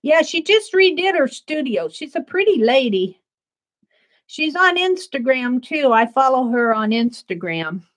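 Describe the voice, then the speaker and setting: A woman's voice: high-pitched, very animated, unhurried. A middle-aged woman from the American Midwest chatting casually and rambling as she works on an art livestream. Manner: chatty, rambling, laughs often while working. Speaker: art streamer. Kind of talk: casual crafting livestream chat.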